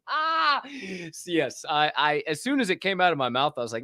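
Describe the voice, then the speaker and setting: A man's voice: fairly high pitch, very animated, moderate pace, bright, forceful tone, no echo, studio quality. A man hosting a podcast, joking and swearing casually, laughing at his own bits. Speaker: podcast host. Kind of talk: casual chat.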